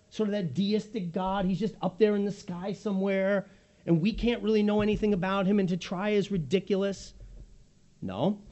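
A man preaching a sermon as pastor, swinging from loud emphasis to hushed, near-whispered lines. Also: sits high, lo-fi sound.

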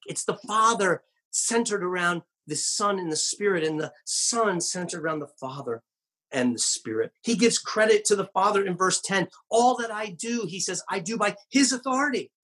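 A male pastor preaching a sermon in an earnest, emphatic way, with wry asides, slowing down and dropping low on key phrases. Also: bright, forceful tone, husky.

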